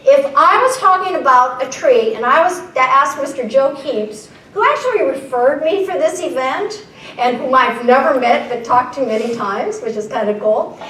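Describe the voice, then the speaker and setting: A woman's voice: high voice, lively intonation, moderate pace, a bit bright, distant mic, slight background noise. A woman keynote speaker presenting live to an audience, playful and often asking the room questions. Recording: echoey room, voice a little off-mic.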